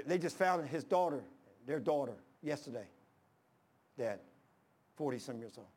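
High-voiced preacher, impassioned. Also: male voice, creaky. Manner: impassioned, folksy storytelling with restarts. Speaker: pastor. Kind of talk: sermon.

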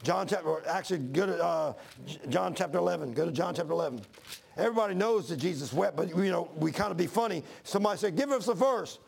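A man's voice: fairly high pitch, fast talker, vocal fry, darkish tone, breathy edge. A man in his sixties preaching a folksy, repetitive sermon to his church. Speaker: pastor.

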